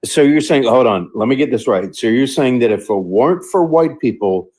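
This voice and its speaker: Male debate caller, combative, cuts in constantly, mid pitch. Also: lively intonation, normal speed, a little mellow, husky. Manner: combative, interrupts with "wait a second". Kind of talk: heated debate.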